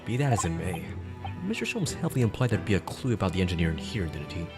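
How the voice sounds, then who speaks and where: A man's voice: deep voice, big pitch swings, quick pace. A man reading the lines of an earnest, nervous young lawyer from a video game, over game music. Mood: wry. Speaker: player reading game dialogue. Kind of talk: reading game dialogue aloud.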